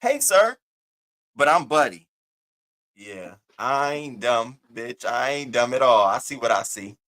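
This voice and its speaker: A man hosting an online show, telling a story in a loud, profane, animated rant and acting out the other people's voices. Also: medium pitch, a little slow. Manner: acts out the other voices in his stories. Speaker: host of an online news show. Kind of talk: casual livestream rant.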